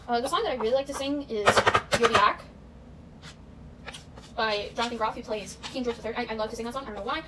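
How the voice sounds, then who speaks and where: A young woman talks fast and a little high as she bakes in her home kitchen, joking at her own expense and breaking into snatches of show tunes. She is heard from a camera set some way off. Clear noise runs under her voice. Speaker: vlogger. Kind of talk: casual baking vlog chat. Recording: distant camera mic with noise.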